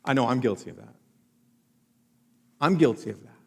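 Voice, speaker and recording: A man's voice: mid-range voice, lively intonation, normal speed, husky. A male pastor preaching a sermon, telling jokey self-mocking stories to the congregation. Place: church auditorium. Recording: church hall with long reverb.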